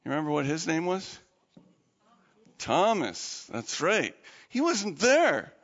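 A man telling a story to children in an animated, dramatic way. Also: on the high side, slow pace, in a large hall, dull audio. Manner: animated, dramatic retelling with restarts.

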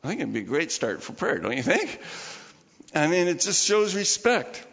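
A man's voice: fairly high pitch, sing-song, normal speed, gravelly, a bit bright, slightly rough. A man preaching a sermon as pastor, chatty and informal, with laughing asides to the congregation. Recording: muffled sound with long hall reverb.

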